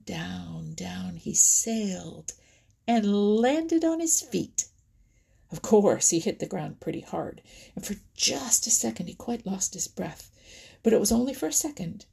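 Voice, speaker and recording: A woman narrating a children's animal story in a gentle storybook manner, often dropping to a whisper. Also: mid-range voice, vocal fry, breathy edge.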